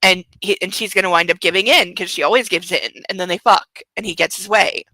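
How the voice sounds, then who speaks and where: A woman's voice: lowish voice, fairly quick, pushed and bright, dry recording, low-quality recording. A woman hosting a book club podcast, giving sarcastic, ranting commentary on a novel.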